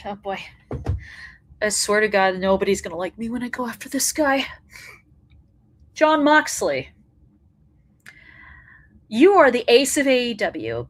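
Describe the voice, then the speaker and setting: A woman hosting her own wrestling show, sounding fired up and blunt, with swearing. Her voice sits a bit high for a woman. She talks straight to her viewers. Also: a bit bright. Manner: fired-up ranting, blunt and profane. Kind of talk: solo commentary show.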